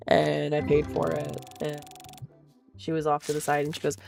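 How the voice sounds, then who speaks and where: A woman tells a story in casual, chatty vlog style, swearing freely and laughing along the way. Her voice has a gravelly fry to it. Faint music sits in the background. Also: sits low, steady tone, fast talker, darkish tone. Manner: chatty, profane, laughs often. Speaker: vlogger.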